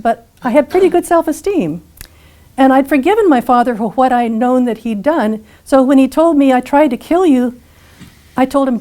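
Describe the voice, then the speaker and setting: An older woman giving a talk, telling her life story in an earnest, animated way and acting out the dialogue. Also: fairly high pitch.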